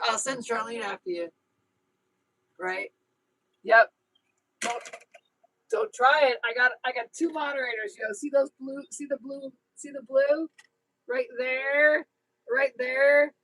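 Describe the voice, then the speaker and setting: A woman's voice: sits high, fairly bright tone, no room sound, rough recording. A woman with a mixed New Jersey and Tennessee accent hosting a casual livestream, rambling chattily and reading out viewer comments. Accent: mix of New Jersey and Tennessee. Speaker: YouTube livestream host.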